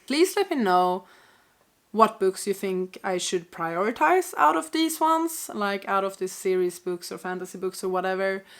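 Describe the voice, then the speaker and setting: A woman with a stuffy, congested voice talks casually to her camera. She rambles a little, second-guesses herself and picks up again, in a mid-pitched, conversational voice. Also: very animated, moderate pace. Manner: chatty, self-doubting, rambling. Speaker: book vlogger.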